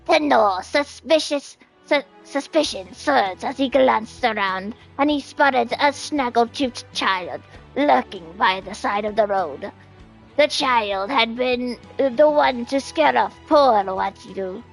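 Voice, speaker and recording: A woman voicing a solemn male cactus warrior who chronicles events, in a slow, odd storytelling voice while playing a game on stream. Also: on the high side, creaky, soft background music, poor audio.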